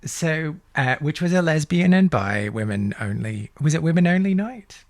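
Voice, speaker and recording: A man interviews a guest in a loose, giggly style and laughs often. His voice has a gravelly edge, and the sound is dry and close. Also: on the high side, sing-song, moderate pace, no echo. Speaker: podcast host, interviewer. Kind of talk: casual interview chat.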